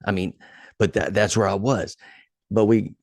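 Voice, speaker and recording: A man's voice: fairly low pitch, normal speed, vocal fry, dry recording, studio quality. A man hosting a podcast, casually telling a story with lots of swearing, getting heated as he recalls old anger. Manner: profane, animated when retelling anger. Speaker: podcast host.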